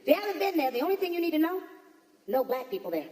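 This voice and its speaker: A woman's voice: very high voice, sing-song, very noisy. A woman performing a stand-up comedy routine on a theater stage, telling stories with punchy asides to the audience. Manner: punchy, storytelling delivery with quick asides to the audience. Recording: echoey hall recording with crowd. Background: audience laughter.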